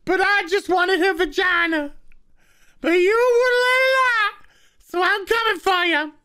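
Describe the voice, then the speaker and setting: A man doing a shrill, whiny parody voice of a frantic character ranting threats. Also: a little slow, pushed and bright, exaggerated voice. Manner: shrieking, whiny mock outrage.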